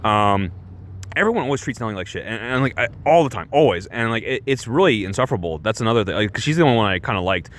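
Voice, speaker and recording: Ein lässig plaudernder Mann, der viel flucht. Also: male voice, lowish voice, lively intonation, fast, a bit bright, a little hiss or hum. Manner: rambling, full of restarts and fillers, swears freely. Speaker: movie reviewer. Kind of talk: casual spoken movie review.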